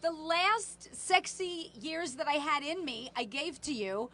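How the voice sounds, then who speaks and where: A middle-aged woman co-hosting a casual podcast chat, telling animated stories, swearing freely and acting out quotes loudly. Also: sits high, takes it slowly. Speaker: podcast co-host. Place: home.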